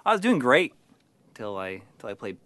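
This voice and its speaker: A man's voice: mid-range voice, moderate pace, no room sound. A man co-hosting a casual game stream, chatting and reading out donations, laughing often. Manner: animated, laughs often, drifts quiet then loud. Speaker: co-host of a retro gaming stream. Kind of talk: casual chat.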